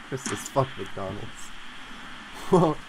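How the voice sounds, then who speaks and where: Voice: mid-range voice, lively intonation, extremely slow, heavy background noise. A streamer telling a casual anecdote on stream, laughing often through the story.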